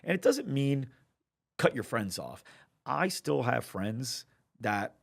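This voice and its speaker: Middle-aged man, podcast guest, storyteller, restarts a lot, lively voice. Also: medium pitch, slow, vocal fry. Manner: animated anecdote-teller with frequent restarts. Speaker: guest author.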